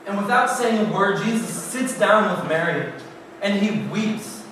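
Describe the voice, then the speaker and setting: High-voiced man preaching in a booming hall. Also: animated, measured pace. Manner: vivid retelling with swings from hushed to loud. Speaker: youth pastor. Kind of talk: first-person dramatic sermon storytelling. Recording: very echoey hall, voice from a distance, faint noise.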